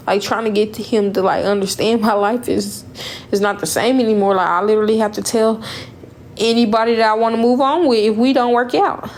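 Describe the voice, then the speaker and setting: A young woman tells a personal story to her viewers in a loose, rambling way. She gets emotional and keeps repeating words as she quotes others. Her voice sits at an ordinary middle pitch, with a faint hiss behind it. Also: darkish tone. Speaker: vlogger. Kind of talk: casual storytime vlog.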